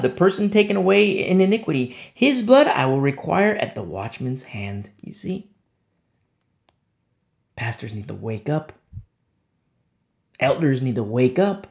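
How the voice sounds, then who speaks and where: A man preaching a sermon as pastor, swinging between low, hushed lines and sharp, high exclamations. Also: very animated, a little slow, vocal fry, long pauses.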